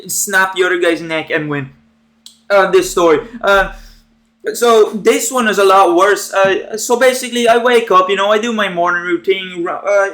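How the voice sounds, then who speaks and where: Young man, high voice, rambling crude storytime, self-mocking. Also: a bit bright. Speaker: storytime vlogger. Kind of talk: casual storytelling.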